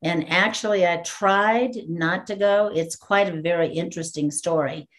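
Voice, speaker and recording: A woman's voice: on the low side, moderate pace. A woman from Texas, a guest minister telling her story in an interview and laughing often. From Texas, USA. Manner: lively storyteller who acts out the dialogue and laughs often.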